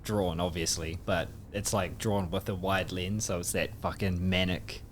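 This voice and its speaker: A man from New Zealand co-hosting a comedy podcast, relaxed and easygoing, often agreeing and laughing. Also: deep voice, normal speed, a little hiss or hum. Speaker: podcast co-host. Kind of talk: casual comedic banter.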